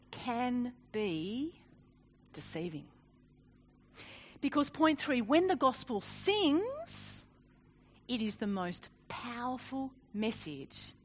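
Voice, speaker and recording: A woman gives a sermon built around a personal story. Her voice sits high and moves all over the place as she talks. She is animated, pokes fun at herself and laughs easily. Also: extremely slow, pauses often, a little hiss or hum. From Australia. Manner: animated, self-deprecating, laughs often. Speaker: speaker.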